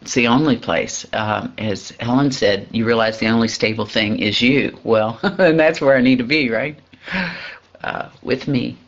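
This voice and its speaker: A man speaks in an unhurried, reflective way about spiritual matters, often pausing and searching for his words, with a soft laugh here and there. His voice sits at an ordinary middle pitch. The recording sounds somewhat dull and lo-fi. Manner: halting, searching, with soft laughs and frequent pauses.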